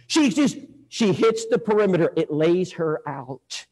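Animated preacher guy telling stories, up and down a lot, husky voice, big echoey hall. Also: high voice, unhurried. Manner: animated storytelling, swings between loud and hushed. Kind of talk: storytelling sermon. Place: church hall.

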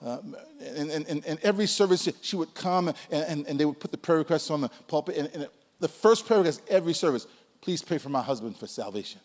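Older male pastor in his sixties, fairly high voice, animated delivery that jumps from loud calls to quiet asides, long church reverb. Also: quick pace. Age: 60s. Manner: lively preaching, swinging from loud calls to hushed asides. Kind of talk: sermon. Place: church sanctuary.

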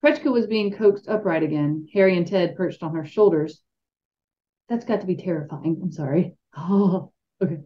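Woman, storybook reader, podcast co-host, expressive, low-set voice, dull lo-fi sound. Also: moderate pace. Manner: expressive reading, laughs at asides. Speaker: podcast co-host reading aloud. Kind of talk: storybook reading with asides.

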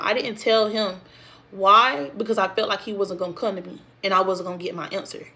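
A young woman telling her own story to viewers in casual vlog style, with speech and an animated way of acting out what others said. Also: medium pitch, a little fast. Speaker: storytime vlogger.

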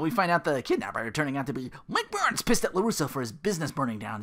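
Male recap host, bright voice, animated and loose, profane and rambling. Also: medium pitch. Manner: rambling, profane, quick to laugh. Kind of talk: casual episode recap.

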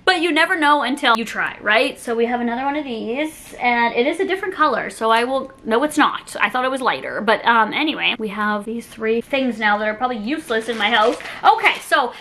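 A woman's voice: fairly high pitch, lively intonation, brisk, hardly any pauses, bright, forceful tone, a little hiss or hum. A young woman chatting casually as she unboxes items, giggling often and filling her talk with "like". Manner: chatty, giggly, heavy use of "like". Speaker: vlogger.

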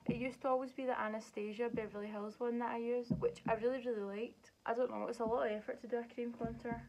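A woman's voice: fairly high pitch, warm tone, a little hiss or hum, low-quality recording. A young woman, chatting through a makeup tutorial step by step as a beauty vlogger. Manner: chatty, explains each step as she works.

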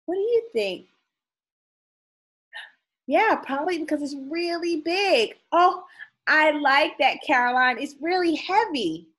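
Brief: woman teacher, storytime read-aloud for small kids; higher voice, unhurried, sing-song and coaxing. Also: expressive, a bit bright. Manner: sing-song, playful, drawn-out sound words, coaxing questions to the children. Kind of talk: picture book read-aloud to young children.

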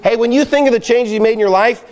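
A man preaching a sermon as pastor, with a high voice for a man. He presses his points hard and rises to loud calls at his listeners. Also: quick pace. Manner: emphatic, rising to loud exhortation. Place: outdoor campsite gathering.

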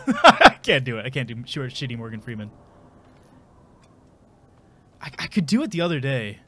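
A man's voice: medium pitch, wildly swooping pitch, fast, few pauses, pushed and bright, a little hiss or hum. A man with a congested voice giving casual, rambling, self-mocking commentary while playing a video game. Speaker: gameplay commentator. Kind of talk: casual let's play commentary.

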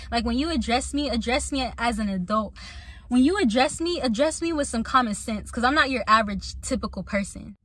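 A young woman casually telling a personal story to her viewers, acting out the people she quotes and laughing along. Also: fairly high pitch. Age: young adult. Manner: animated, acts out quotes, laughs often.

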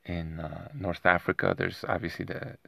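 Deep gravelly man rambling. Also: level tone, normal speed, background noise. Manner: rambling, keeps asking "right?". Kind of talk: rambling monologue to camera. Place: home with dogs nearby.

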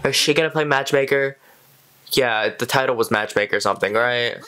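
A man's voice: medium pitch, brisk, bright, forceful tone, rough recording. A man hosting a reaction video, chatting casually and exclaiming at what he watches.

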